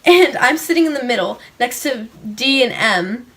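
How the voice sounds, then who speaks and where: A woman's voice: a little high, expressive, moderate pace. A teenage girl telling a story to her vlog audience in a casual, chatty way, laughing often and saying "like" a lot. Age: teens. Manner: giggly, laughs often mid-sentence; filler-heavy, says "like" a lot. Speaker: vlogger.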